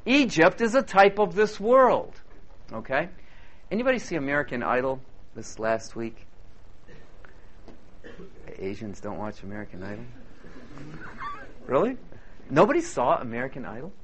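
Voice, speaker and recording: A man's voice: mid-range voice, moderate pace, pauses often, a little hiss or hum. A man preaching a sermon to a congregation, chatty and joking with the audience between points. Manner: lively, chatty preaching with audience banter and quips.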